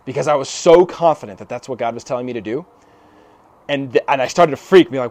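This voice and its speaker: A young man preaching a sermon, telling a personal story in a casual, animated way with slang and quick restarts. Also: a little high, dry recording.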